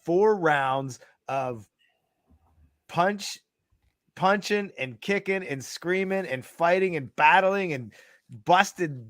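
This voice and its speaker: A man co-hosting a sports chat with keen, emphatic energy, his voice a touch high for a man. The sound is dry and close, with no room echo. He piles words up into long, excited runs. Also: takes it slowly. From Canada. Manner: enthusiastic, emphatic, piles up vivid lists. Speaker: podcast co-host. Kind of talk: casual chat.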